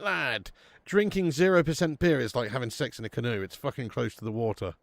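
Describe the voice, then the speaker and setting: A young British man with a gravelly mid-range voice and a British English accent speaks fairly quickly, with no room sound. Hosting a live football watch-along, he chats casually on the stream, swears, and reads out viewer comments.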